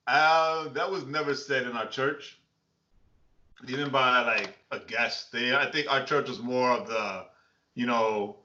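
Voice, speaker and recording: A man who is a pastor chatting casually on a podcast, animated, laughing often and acting out quotes. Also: mid-range voice, measured pace, slight background noise. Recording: echoey room, dull lo-fi sound.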